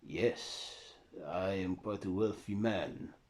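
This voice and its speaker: Guy doing an old vampire count w/ a romanian accent, super slow, formal and aloof. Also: deep voice. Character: old male vampire count, proud, calm.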